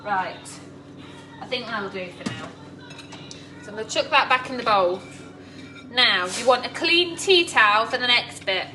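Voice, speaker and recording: A woman's voice: fairly high pitch, expressive, a little slow, pauses often, distant mic, noisy background. A woman chatting to live viewers while cooking at home, laughing often. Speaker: cooking vlogger. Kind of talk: live-stream cooking chat. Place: home kitchen. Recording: echoey kitchen, clattering pots.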